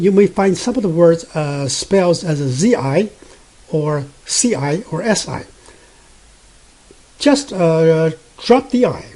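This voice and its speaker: Man, Mandarin-native, language teacher, husky, unhurried, patient repetition. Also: fairly high pitch, mellow, poor audio. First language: Mandarin Chinese. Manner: patient, repeats sounds many times, frequent filler pauses. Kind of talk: pronunciation lesson.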